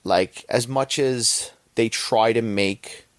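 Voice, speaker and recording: A man's voice: mid-range voice, takes it slowly, no echo. A young man hosting a podcast, giving a rambling, profane casual movie review and often checking in with "right?". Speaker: podcast host.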